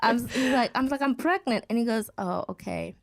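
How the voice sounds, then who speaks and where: A woman's voice: fairly high pitch, fairly quick. A woman in her thirties, a podcast guest, telling a story in casual chat and acting out what other people said. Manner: animated, acts out quoted people.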